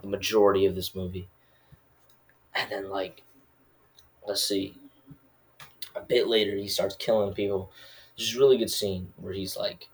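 A man casually recapping a movie, rambling and full of filler words. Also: lowish voice.

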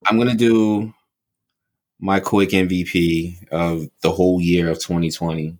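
A man's voice: low-pitched, flat delivery, a little slow, a little mellow, dry recording, poor audio. A man co-hosting a podcast, telling a story in a laid-back, slangy way and swearing freely. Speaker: podcast co-host. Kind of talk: casual podcast chat.

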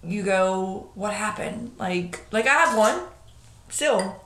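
A woman's voice: mid-range voice, lively intonation, slow pace, a bit bright, a little hiss or hum. Blunt, swearing woman in a roomy room. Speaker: podcast co-host. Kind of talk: casual chat. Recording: roomy echo.

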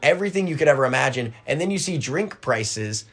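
A young man co-hosting a casual sports podcast, opinionated and animated as he tells a story. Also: medium pitch, brisk, husky. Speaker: podcast co-host.

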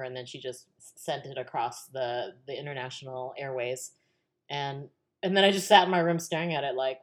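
Woman guest, lower register, lively anecdote teller who plays every part. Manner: animated, acts out quoted dialogue. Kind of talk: casual storytelling.

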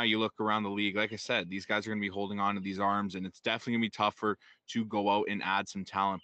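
A man with a low, fairly flat voice that still has a bright, forward edge co-hosts a sports podcast. He talks casually and at length, leaning on fillers as he builds his points. The sound is dry and close, with no room around it. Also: no room sound. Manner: rambling, many fillers like "you know". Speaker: podcast co-host.

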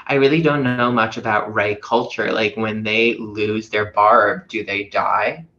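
A young man co-hosting a podcast, his voice low-pitched yet bright and forceful. He talks in an animated way and throws in goofy asides, and the recording sounds a bit dull, with faint noise behind him. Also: a little slow. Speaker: podcast co-host. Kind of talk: casual chat.

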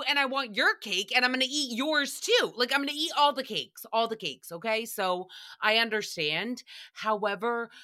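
Sassy, bright-voiced woman podcaster. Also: medium pitch. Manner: sassy, chatty, swears freely, acts out quotes with mocking voices. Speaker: podcast host recapping another show. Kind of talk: casual solo podcast commentary.

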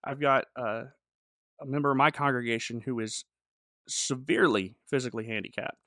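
In a relaxed review chat, this male podcast co-host and pastor retells a show's scenes and animatedly voices the characters' dialogue. He speaks at a moderate pace in a mid-range voice, captured cleanly in a studio with no echo.

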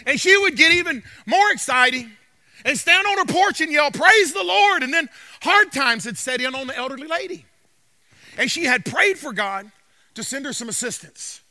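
A man's voice: extremely high pitch, lively intonation, normal speed, pushed and bright, no echo. A male pastor preaching a sermon with emphatic repetition, asking "Amen?" as he goes.

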